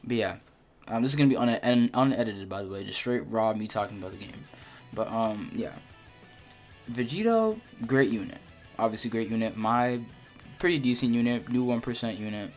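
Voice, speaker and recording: A man's voice: fairly low pitch, fairly even intonation, a little fast, soft background music. Rambling young man giving game opinions. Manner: rambling, repeats words, many ums and restarts. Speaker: gacha game video creator. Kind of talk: unedited casual game commentary.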